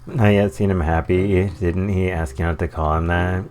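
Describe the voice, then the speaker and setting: A man's voice: low-pitched, steady tone, moderate pace, a little mellow, soft background music. A man streaming a game live, reacting with wry, sarcastic commentary.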